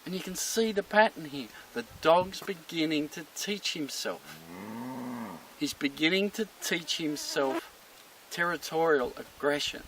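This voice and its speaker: Dog trainer telling a story. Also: male voice, on the high side, recorded from a distance, slight background noise, poor audio. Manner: storytelling, animated retelling. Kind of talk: explaining with a story.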